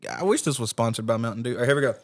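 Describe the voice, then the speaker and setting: A podcast co-host with a medium-pitched, animated voice talks rapid-fire while taste-testing snacks in casual chat. He runs the segment and speaks directly to listeners in a chatty way. Faint music plays behind him, captured on a podcast microphone with a noise gate.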